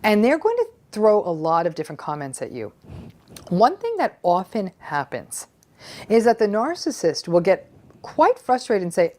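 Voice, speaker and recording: A woman's voice: mid-range voice, wildly swooping pitch, moderate pace, darkish tone. A woman psychologist giving a conversational educational talk, earnest and explanatory, sometimes acting out quoted voices.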